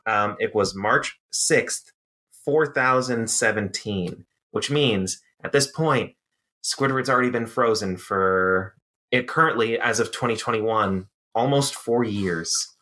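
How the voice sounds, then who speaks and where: Bright-voiced man recapping a cartoon. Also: lowish voice. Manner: animated, with many "uh"s and quick voiced asides. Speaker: podcast co-host. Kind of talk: casual podcast chat recapping a cartoon episode.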